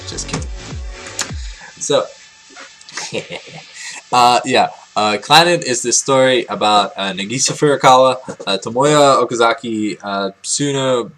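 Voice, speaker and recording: A young man with a mid-pitched voice hosts a loose anime review vlog. He rambles through his picks, trips over fillers and throws in crude jokes. Faint music plays behind him. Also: fairly bright tone. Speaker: vlogger ranking anime.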